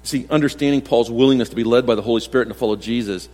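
A man's voice: mid-range voice, very fast, darkish tone, long reverb tail. A male pastor preaching a sermon in a conversational way, with self-deprecating humor, acting out quotes from scripture and everyday life. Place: church sanctuary.

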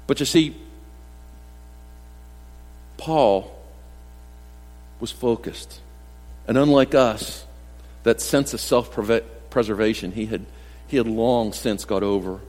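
A man's voice: medium pitch, takes it slowly, pauses often, darkish tone, long reverb tail. A male pastor preaching a sermon in a conversational way, with self-deprecating humor, acting out quotes from scripture and everyday life. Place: church sanctuary.

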